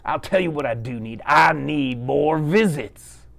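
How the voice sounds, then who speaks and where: A man's voice: a little high, lively intonation, measured pace, vocal fry, fairly bright tone, heavily acted. A man voicing a firm, kindly eighty-year-old grandmother in a bedtime puppet story.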